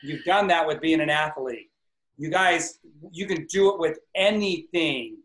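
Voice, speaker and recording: A fired-up male coach speaking over a video call, his voice sitting a little high for a man. He swings into loud, excited affirmations. The room around him rings with echo. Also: unhurried. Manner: energetic, acts out exclamatory affirmations. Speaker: network marketing coach.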